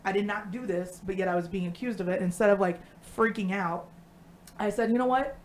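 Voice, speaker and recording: A woman co-hosting a live stream, talking casually and bluntly with lots of swearing and animated storytelling. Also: medium pitch, brisk. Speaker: co-host.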